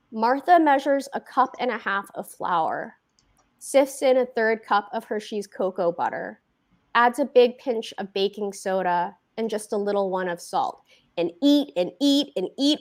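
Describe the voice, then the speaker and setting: A woman author reading her own fiction aloud at a book event, slow and deliberate with dramatic pauses. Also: on the high side, lively intonation.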